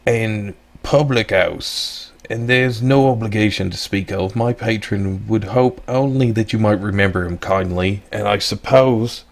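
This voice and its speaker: A man voicing a sly male dockside go-between in a game, reading his lines in a put-on accent, raised in pitch and louder than his usual talk. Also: creaky.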